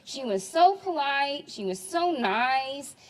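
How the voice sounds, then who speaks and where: A woman in her twenties, the maid of honor, giving a jokey, animated wedding toast full of laughs. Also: sits high, slow, poor audio. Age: 20s. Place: wedding reception.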